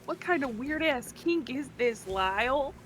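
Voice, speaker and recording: A woman's voice: high-pitched, animated, unhurried, a bit bright, slight background noise. A woman playing a tabletop game, blunt and teasing in casual chat. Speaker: player.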